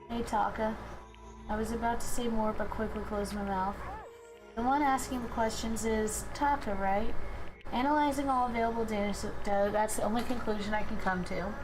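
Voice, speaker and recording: A woman's voice: on the high side, fairly even intonation, moderate pace, rough recording. A woman streamer reading a visual novel's dialogue aloud in her own voice, taking every part. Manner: reads every character's lines in her own voice. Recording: game music playing behind.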